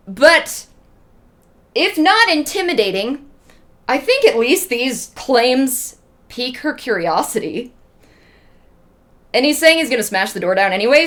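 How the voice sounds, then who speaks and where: Woman, casual storytelling, humorous asides, chatty, fairly high voice. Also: fairly bright tone. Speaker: streamer retelling an ancient epic.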